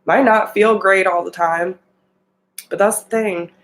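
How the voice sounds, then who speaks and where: A woman's voice: medium pitch, fairly even intonation, unhurried, poor audio. A woman giving an earnest, emotional tarot reading and talking straight to her viewers. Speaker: tarot reader.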